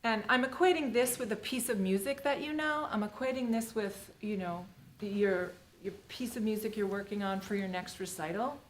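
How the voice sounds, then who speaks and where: A woman's voice: medium pitch, moderate pace. A middle-aged woman teaching the Alexander Technique in a live workshop, talking in a rambling, playful way full of fillers. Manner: rambling, playful and chatty, full of "you know" and "like". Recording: roomy echo with faint ambient noise.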